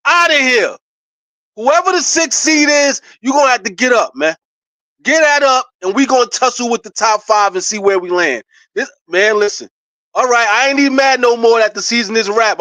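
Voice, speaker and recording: Hyped high-voiced man, dry close mic. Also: no room sound. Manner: animated, hyped, talks straight to the audience with laughs and shouts. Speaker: sports commentator vlogger. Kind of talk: excited casual basketball talk to viewers.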